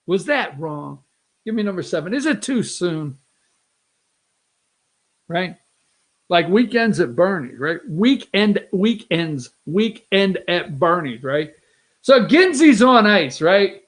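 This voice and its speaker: A man hosting a political talk show, brash and excitable, with sarcastic asides. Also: high-pitched, measured pace. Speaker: show host. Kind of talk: animated political commentary.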